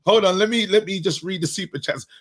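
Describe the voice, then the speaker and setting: A man's voice: sits high, quick pace, a bit bright. A young man, co-hosting a podcast in casual banter, gloating and teasing his friends. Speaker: podcast co-host.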